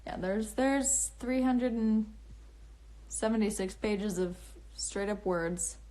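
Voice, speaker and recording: A young woman, a livestream host and author, chats casually on a phone livestream, answering comments in a bubbly, rambling way with many restarts and laughs. Her voice is mid-range and warm, at a slow pace, picked up by the phone camera.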